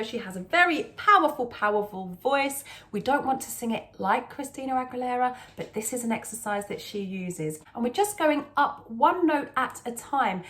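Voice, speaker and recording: A woman singing teacher, possibly from the UK, giving calm, encouraging instruction in a vocal lesson with sung demonstrations. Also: a little high.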